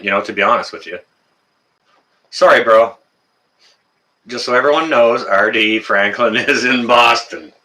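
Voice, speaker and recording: A man's voice: mid-range voice, normal speed, pauses often, bright, forceful tone. A Canadian man hosting a casual livestream, greeting viewers in the chat by name and chatting with plenty of fillers. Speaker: livestream host.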